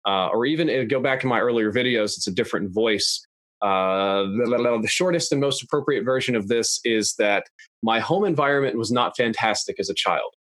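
A young adult man talking in a measured, analytical, plain-spoken way as a podcast guest. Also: mid-range voice, a bit bright, no room sound. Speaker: guest YouTuber. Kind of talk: casual podcast interview. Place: podcast studio.

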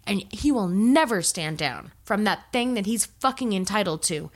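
Woman co-host, mid-pitched, ranting and swearing with sarcastic impressions. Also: expressive, moderate pace, few pauses. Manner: profane, mocking impressions of angry men. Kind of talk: heated political chat.

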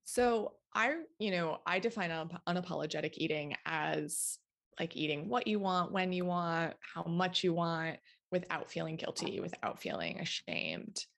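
A woman guest on a podcast, her low voice full of gravelly fry. She explains her ideas in a thoughtful, explanatory way, leaning on fillers. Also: animated, normal speed, a bit bright. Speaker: guest dietitian and author. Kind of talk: interview answers.

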